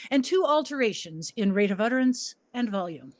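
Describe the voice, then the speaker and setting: A woman reading her memoir aloud to an audience, a former teacher who tells her story theatrically, swinging her pitch and volume as she acts out her own classroom commands. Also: animated, fairly quick, no room sound. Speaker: memoir reader, former high school teacher.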